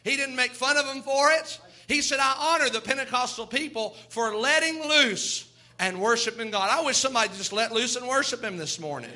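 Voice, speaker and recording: A man's voice: very high voice, brisk, sharp tone. A man preaching a sermon, reading scripture and urging his congregation to praise with fervent, rhythmic delivery. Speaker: pastor.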